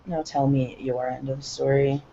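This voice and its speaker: A woman's voice: rumbling low, steady tone, normal speed, vocal fry, dark tone, a little hiss or hum, voice pushed down. A woman voicing a curt, commanding male werewolf pack leader, heard on a dull lo-fi recording. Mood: stern.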